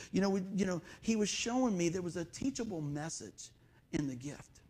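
A man's voice: high voice, fairly quick, a little mellow. A middle-aged man preaching a casual, storytelling sermon in church, folksy and confiding. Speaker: pastor. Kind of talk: conversational sermon.

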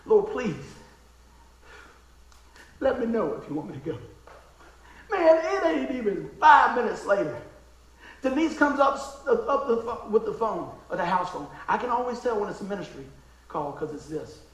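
A man preaching in a folksy, emotional storytelling style, dropping to a hush and then rising to exclaim. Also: sits high, very animated, moderate pace, pauses often, reverberant, rough recording. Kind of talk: storytelling sermon.

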